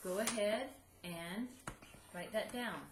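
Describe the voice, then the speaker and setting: Woman teacher, warm encouraging manner, slow clear dictation, roomy echo with faint hiss behind. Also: medium pitch. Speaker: second grade teacher. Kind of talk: video lesson for young students.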